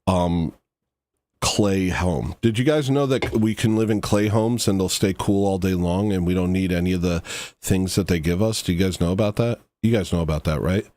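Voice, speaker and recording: A man with a fairly low voice, recorded dry and close with no room sound. He hosts a livestream and rambles through mock-serious commentary, wandering into asides and half-finished thoughts. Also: normal speed, warm tone, no echo. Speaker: livestream host reacting to a video.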